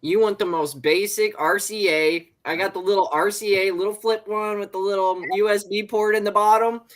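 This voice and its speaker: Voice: medium pitch, fairly even intonation, moderate pace. A panel guest giving plain-spoken, laid-back advice about keeping gear simple. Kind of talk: casual panel chat.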